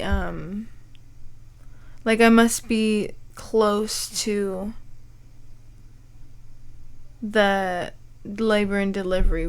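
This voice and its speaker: A young woman hosting a podcast, telling a personal story in a halting way, full of "like" fillers and frequent throat clearing. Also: medium pitch. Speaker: podcast host.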